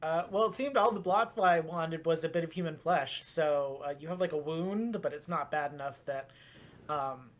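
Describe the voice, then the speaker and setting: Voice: medium pitch, normal speed. A game master narrating a tabletop game in a rambling way, full of fillers and restarts.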